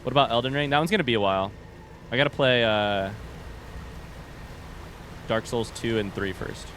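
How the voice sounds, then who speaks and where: A man's voice: medium pitch, moderate pace, fairly bright tone. Man, live-stream chatter, rambling, talks to chat, faint noise behind. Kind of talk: casual livestream chat while gaming.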